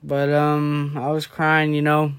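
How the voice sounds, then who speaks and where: A man's voice: on the high side, completely flat delivery, slow, a bit bright, clear, resonant tone. A drunk young man in casual late-night chat, rambling loosely and drifting off track.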